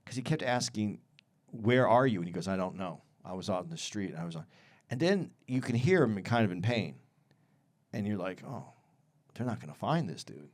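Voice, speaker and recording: Animated male podcast co-host. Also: on the low side, normal speed. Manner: animated, acts out quotes in a raised voice. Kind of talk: casual chat.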